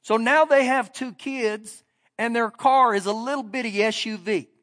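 A middle-aged pastor with a very high-pitched, fairly bright voice preaches a sermon at a moderate pace. He tells stories in a folksy way and builds up to emphatic points. The long reverb of a big hall surrounds his voice.

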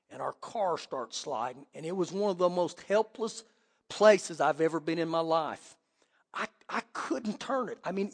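Middle-aged male preacher, high voice, dramatic sermon storytelling, church hall echo. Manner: dramatic storytelling, swings from hushed to loud. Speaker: pastor. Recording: long hall reverb.

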